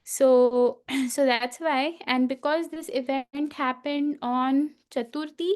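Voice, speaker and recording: A woman teaching a festival class, telling a sacred story slowly with frequent fillers and asides to her listeners. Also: high-pitched, fairly even intonation, darkish tone.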